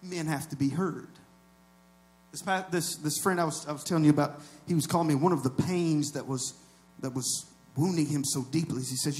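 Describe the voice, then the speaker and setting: Over soft background music, a pastor preaches a little fast, speaking to his congregation as if in conversation. He swings between hushed asides and loud, shouted climaxes.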